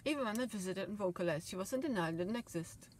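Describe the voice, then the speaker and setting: A woman's voice: mid-range voice, lively intonation, quick pace, a little hiss or hum. Emotional woman storyteller. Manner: emotional, swings loud and soft, laughs often. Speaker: vlogger. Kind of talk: rambling personal storytelling.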